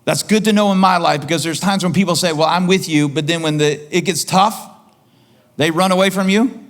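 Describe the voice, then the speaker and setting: A man preaching a sermon as pastor, impassioned, repeating phrases and climbing in pitch for emphasis. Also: brisk. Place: church auditorium.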